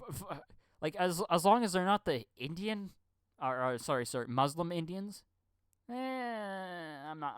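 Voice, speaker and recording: A man's voice: on the high side, a bit bright, clear, resonant tone, no echo. A man rambling through a profane live-stream rant, stammering and repeating his words. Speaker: channel host.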